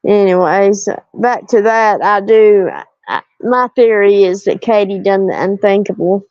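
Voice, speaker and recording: A woman's voice: mid-range voice, steady tone, measured pace, a little mellow, no room sound, highs cut off. A woman chatting casually on a live stream from her parked car, self-deprecating and laughing often as she answers viewer comments.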